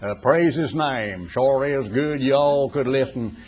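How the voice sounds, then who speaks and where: A man voicing a folksy male radio preacher with a broad put-on Southern accent, drawling slowly. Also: medium pitch, a little mellow, natural voice.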